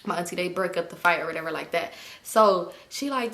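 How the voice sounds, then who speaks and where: A young woman telling a storytime tale to camera, animated and profane, laughing as she goes. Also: medium pitch, quick pace. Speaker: vlogger.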